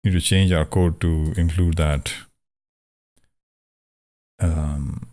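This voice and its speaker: Speaking in a very low, warm voice with fairly even intonation, a programming tutor works through code on a casual screen share. He goes slowly, musing out loud, correcting himself as he chats, with a wry streak that shows in jokes about pronunciation.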